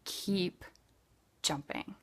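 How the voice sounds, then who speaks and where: Speaking very slowly in a fairly bright tone, a woman heading a direct-sales team delivers a motivational talk over live video. She is earnest and emphatic and keeps repeating her points.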